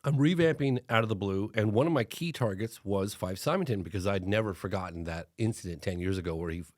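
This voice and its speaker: Low-voiced middle-aged man telling stories. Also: quick pace, dry recording, studio quality. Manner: acts out other people's lines in changed voices. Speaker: documentary filmmaker guest. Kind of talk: animated storytelling in conversation.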